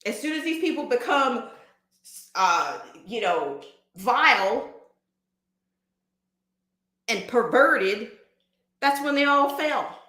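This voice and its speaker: A woman's voice: a little high, very animated, slow pace, pauses often, sharp tone, echoey room. A woman hosting a livestream, ranting emphatically and firing off rhetorical questions. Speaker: livestream host. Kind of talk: casual livestream rant.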